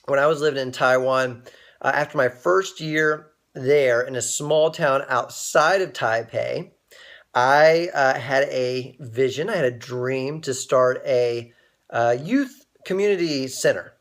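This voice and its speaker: A man's voice: mid-range voice, a little slow. A young man hosting a casual inspirational livestream, telling a personal story and greeting viewers by name as they join. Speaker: livestream host.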